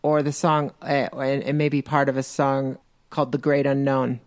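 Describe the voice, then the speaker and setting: A man's voice: medium pitch, flat delivery, normal speed, no echo. An American man, a podcast guest, talking in a hesitant, rambling way with a teasing edge. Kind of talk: casual podcast conversation.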